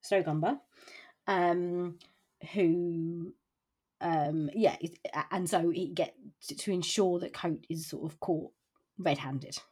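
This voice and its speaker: A woman's voice: fairly low pitch, steady tone, slow, mellow, husky. A woman co-hosting a book podcast, talking casually and hesitantly about a novel. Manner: hesitant, many fillers and restarts. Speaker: podcast co-host.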